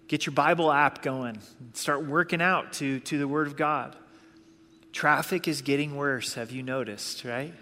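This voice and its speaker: A man delivering a sermon in an earnest, conversational way, pressing his points with repetition. His voice sits a little high for a man. A long reverb trails off the church hall around him. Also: pushed and bright. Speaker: pastor.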